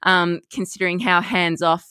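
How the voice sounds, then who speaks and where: A woman co-hosting a casual parenting chat, relaxed and wry with many fillers. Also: lowish voice, normal speed, clean tone, no room sound, studio quality. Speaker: podcast co-host.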